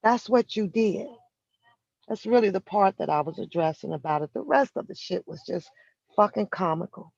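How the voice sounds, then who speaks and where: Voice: mid-range voice, expressive, moderate pace, gravelly, a little mellow, dry recording. A vlogger delivering a heated, profane commentary rant from inside a vehicle. The speaker talks confrontationally and stretches out key words for emphasis. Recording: dull, lo-fi and dry.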